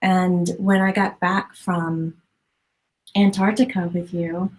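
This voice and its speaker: A woman hosting a conversational interview, telling stories in an animated, expressive way. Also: lowish voice, slow pace, rough recording. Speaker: podcast host.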